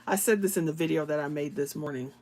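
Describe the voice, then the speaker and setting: A woman's voice: sits low, fast, darkish tone. A woman hosting a live stream, chatting casually with viewers as she colors, laughing often and slipping into whispers while she works. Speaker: livestream host.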